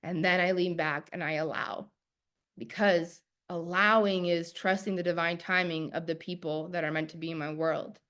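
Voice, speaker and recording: Her voice sits on the low side, a bit bright, with fairly even intonation and a moderate pace. Teaching a live online masterclass, this woman coach talks straight to her audience, repeating her key phrases with an emphatic, sermon-like rhythm.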